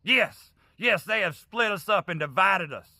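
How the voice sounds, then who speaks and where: A man's voice: high voice, animated, a little slow, sharp tone, no echo, clean studio sound. A man delivering an angry, impassioned vlog rant laced with heavy profanity.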